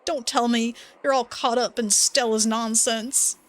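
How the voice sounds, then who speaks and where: A woman voicing a gruff older rural man, loud and folksy, fiercely protective of his chickens. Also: fairly high pitch, steady tone, measured pace, lightly acted. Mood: worried. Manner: folksy, blustering, raised voice.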